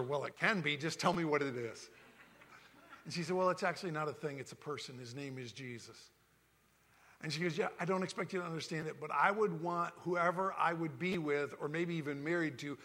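A man's voice: fairly high pitch, fairly bright tone. A man in his fifties telling his life story in a folksy way, acting out the dialogue he quotes. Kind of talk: personal testimony talk. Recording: long hall reverb.

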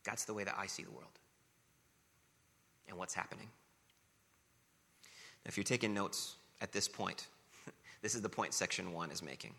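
Male pastor, sermon, fairly low voice with a very sharp, forceful edge. Earnest, repeats for emphasis, long hall reverb. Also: normal speed, vocal fry, pauses often. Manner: earnest, rhetorical questions, repetition for emphasis.

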